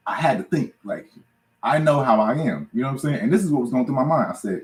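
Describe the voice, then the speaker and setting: A man's voice: medium pitch, expressive, fast. A man hosting a live podcast, telling stories casually, laughing often and often asking "you know what I'm saying". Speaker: podcast host. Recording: roomy echo.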